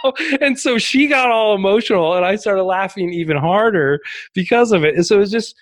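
On a podcast as a guest, this man speaks in a high-pitched, brisk voice with no echo. His casual chat wanders through darkly humorous tales, full of fillers and false starts.

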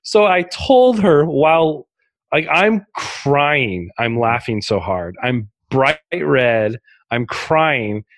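A man's voice: medium pitch, slow pace, no echo. Rambling man telling stories, dry sound. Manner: rambling storytelling with frequent fillers; darkly humorous, animated. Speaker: guest. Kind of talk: casual podcast conversation.

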